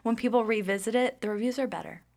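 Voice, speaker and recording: A woman's voice: fairly high pitch, quick pace, a little mellow. A woman co-hosting a casual pop-culture podcast, eagerly laying out movie and music trivia. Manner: enthusiastic, detailed, trivia-heavy. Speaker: podcast co-host.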